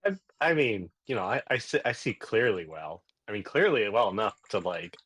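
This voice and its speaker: A man playing a tabletop game, talking in a halting, sheepish way. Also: fairly low pitch, very animated, a bit bright, slightly rough, no room sound. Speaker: player. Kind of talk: casual game chat.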